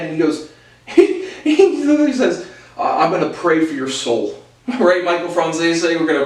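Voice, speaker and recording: A man in his late twenties telling a long story in a casual, rambling and heated monologue, full of repetition and swearing. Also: a little high. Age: late 20s. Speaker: vlogger. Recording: echoey room, mic at a distance.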